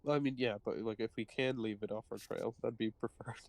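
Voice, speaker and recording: A man's voice: mid-range voice, steady tone, brisk. Chatty man playing a tabletop game. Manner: chatty, laughing, lots of fillers. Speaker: player. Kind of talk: casual tabletop play.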